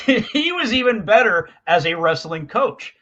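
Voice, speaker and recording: In casual conversation as a podcast co-host, a man with a fairly high, bright voice rambles, hesitates, and restarts his sentences. The sound quality is dull and lo-fi.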